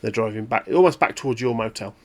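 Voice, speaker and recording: A man's voice: mid-range voice, animated, quick pace. A man narrating a tabletop game as game master, rambling with many fillers and self-corrections.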